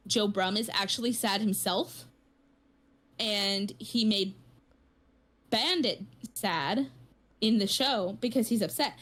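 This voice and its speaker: Rambling, chatty woman podcast co-host. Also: mid-range voice. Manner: rambling storytelling with many fillers. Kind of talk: casual chat.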